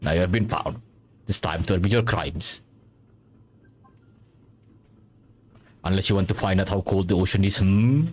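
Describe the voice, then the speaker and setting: A man's voice: deep voice, fairly quick. A man voicing a stern ship officer with a put-on Russian accent, reading game dialogue on a live stream with a menacing, questioning drawl. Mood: threatening.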